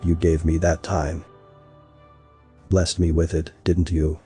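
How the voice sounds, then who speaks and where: A man's voice: completely flat delivery, slow, mellow, no echo, faint music behind, full character voice. A man voicing a vengeful, mocking human man who confronts a god, in a story reading. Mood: bitter. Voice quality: deep husky voice. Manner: mocking and bitter.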